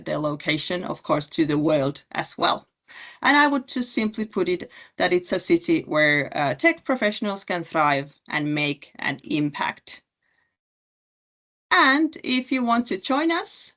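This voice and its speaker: A woman with a low voice presents her city in an online session. She talks in a halting way, with many fillers and restarts. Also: a bit bright. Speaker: city representative pitching at a webinar. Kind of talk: presentation pitch.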